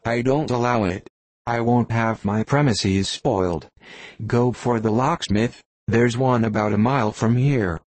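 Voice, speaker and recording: A man voicing a bossy, practical middle-aged female innkeeper in an audiobook reading, scolding and brisk. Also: mid-range voice, a little mellow, dry recording, lightly acted.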